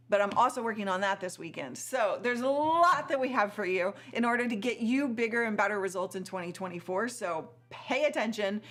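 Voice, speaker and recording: A woman's voice: mid-range voice, a bit bright. A tired woman hosting a casual live stream, chatty, with frequent laughs and many fillers.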